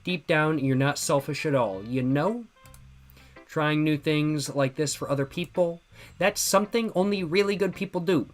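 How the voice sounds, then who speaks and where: A man's voice: fairly high pitch, moderate pace, soft background music, natural voice. A man reading the lines of a cheerful, clingy teenage schoolgirl friend in a game, in a sweet, coaxing, earnest way.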